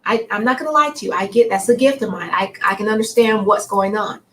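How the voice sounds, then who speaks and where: A woman's voice: medium pitch, expressive, fast talker, fairly bright tone, low-quality recording. A middle-aged woman giving spiritual guidance on a live broadcast, talking casually and acting out her own inner dialogue. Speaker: spiritual teacher.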